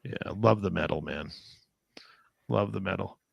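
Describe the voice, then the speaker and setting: A middle-aged man hosting a radio show, chatting casually and warmly calling his guest brother and man. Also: deep voice, unhurried, vocal fry, husky, no room sound, highs cut off. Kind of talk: casual interview chat.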